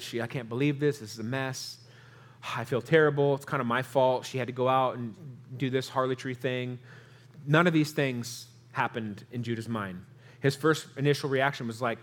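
A man preaching a sermon in a conversational way, acting out the people in the story and asking the audience questions. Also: mid-range voice. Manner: animated, acts out quotes in character voices. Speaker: pastor.

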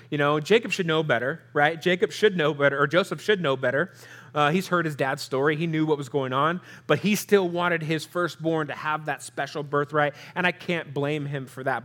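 A man's voice: fairly high pitch, a bit bright. Earnest man preaching a conversational sermon. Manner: earnest, conversational preaching with restarts and rhetorical questions. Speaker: pastor.

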